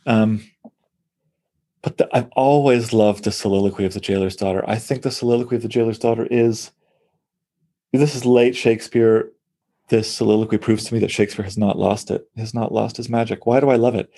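Eager, low-voiced man talking poetry. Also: fairly even intonation, brisk, dark tone. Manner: enthusiastic, thinks aloud with restarts. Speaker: poet discussing poems. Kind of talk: conversational close reading of poetry.

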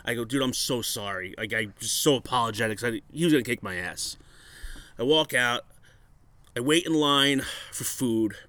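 New guy ranting through a bar story, lots of swearing, bright punchy voice, dry sound. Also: medium pitch, moderate pace, no echo. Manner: profane, animated storyteller acting out quotes. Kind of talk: casual storytelling chat.

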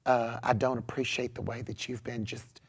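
A man's voice: medium pitch, level tone, moderate pace, voice pushed down. A man putting on a meek Southern drawler. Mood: meekly pleading. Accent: put-on American Southern. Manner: hushed, overly polite, breathy. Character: meek, timid grown man with a soft drawl.

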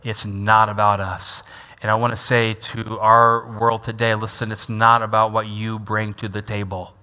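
A pastor with a lowish voice delivers his sermon flatly at a moderate pace, though his tone sounds pushed and bright. He repeats important lines emphatically for the congregation to call back, with the long reverb of a large sanctuary behind him.

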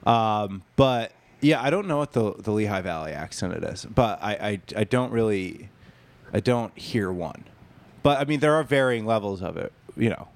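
A man's voice: fairly low pitch, animated, moderate pace. A man chatting casually on a podcast, joking and swearing, from Pennsylvania. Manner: profane, joking, does voices mid-story. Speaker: podcast co-host. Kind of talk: casual chat.

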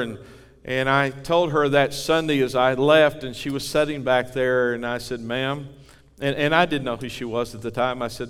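A man's voice: medium pitch, steady tone, moderate pace, a bit bright, smooth. A man preaching a fervent sermon as pastor, telling folksy stories from his church. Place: church sanctuary. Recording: reverberant church hall.

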